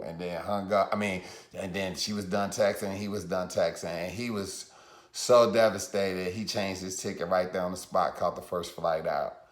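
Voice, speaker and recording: A male comedian telling a road story in an animated way, his voice swinging loud and high as he laughs, in a room with echo. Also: moderate pace. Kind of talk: comic storytelling.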